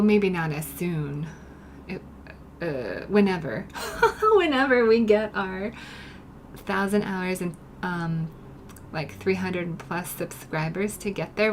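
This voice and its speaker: A woman artist chatting softly to her live-stream viewers while she paints in her studio, turning gushing and grateful when they praise her work. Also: on the low side, slow, a little hiss or hum. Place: home art studio.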